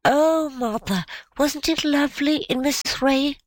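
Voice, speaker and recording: A woman's voice: high voice, a little slow, no echo, pitched above the performer's own voice. A woman voicing a shy, overjoyed little girl who speaks in a breathless, gushing way. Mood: delighted.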